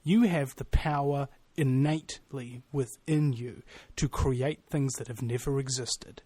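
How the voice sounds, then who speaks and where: A man's voice: medium pitch, measured pace, warm tone, slightly rough, no echo. A man hosting a radio talk show, talking in a blunt, fired-up motivational way. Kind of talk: casual radio chat.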